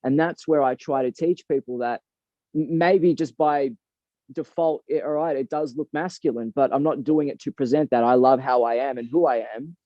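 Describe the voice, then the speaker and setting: A man's voice: medium pitch, normal speed, dry recording. A man speaking as a guest in an interview, earnest and heartfelt, talking in a reflective, emphatic way. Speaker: boxing coach and guest. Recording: dull lo-fi dry recording.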